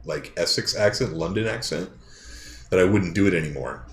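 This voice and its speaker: Brief: deep-voiced male player, chatty and joking, echoey room with faint hiss. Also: moderate pace. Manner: joking, lively storytelling. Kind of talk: playing a tabletop game.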